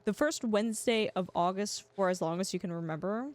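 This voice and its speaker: A woman's voice: medium pitch, fairly quick, darkish tone. A young woman streaming a game, chatting with her viewers and often restarting her sentences. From Canada. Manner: chatty, answers chat, stammers and restarts. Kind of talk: casual livestream chat.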